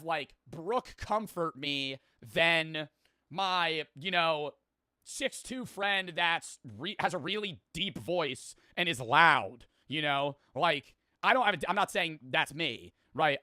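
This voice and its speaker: A man's voice: on the high side, sharp tone, dry recording, clean studio sound. A man hosting a reaction video, rambling casually, swearing and joking about himself. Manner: rambling, profane, self-deprecating, quick to laugh.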